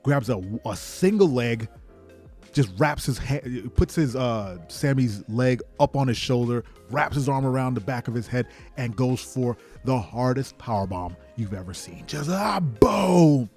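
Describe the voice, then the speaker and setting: A man hosting a podcast, narrating an imagined match in excited play-by-play and shouting sound effects. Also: mid-range voice, moderate pace, soft background music. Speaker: podcast host.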